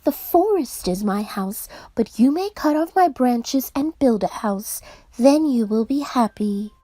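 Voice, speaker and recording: A woman reading aloud, voicing a gentle, self-giving female apple tree in a soft, tender voice that sometimes drops to a whisper. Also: fairly high pitch, animated, measured pace, no room sound.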